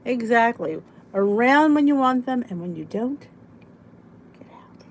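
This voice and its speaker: A middle-aged woman hosting a casual weight loss support chat, joking and yawning, with soft whispered asides, and a faint hiss under her voice. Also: on the high side, lively intonation, normal speed, rough recording. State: sleepy, yawning. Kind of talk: casual live chat reading viewer comments.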